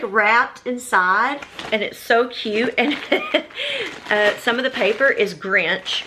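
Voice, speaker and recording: A woman's voice: mid-range voice, background noise. A woman chatting casually on camera while unboxing a gift box, gushing and exclaiming often. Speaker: vlogger.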